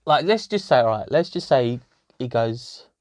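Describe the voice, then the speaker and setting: Teasing man, lively pitch. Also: normal speed, no room sound. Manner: teasing, asks hypotheticals, laughs often. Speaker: podcast co-host. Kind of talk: casual chat.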